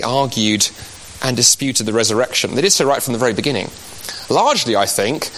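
A man's voice: medium pitch, fairly bright tone, low-quality recording. English man giving a persuasive talk. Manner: conversational, persuasive, frequent "you know" asides. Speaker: Christian apologist speaker. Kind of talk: live talk to an audience.

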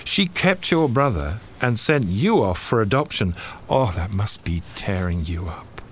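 An actor playing a priest who questions a suspect in a measured, probing, sardonic way. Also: male voice, on the low side, very animated, slight background noise. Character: shrewd male priest interrogating a suspect. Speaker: priest investigator.

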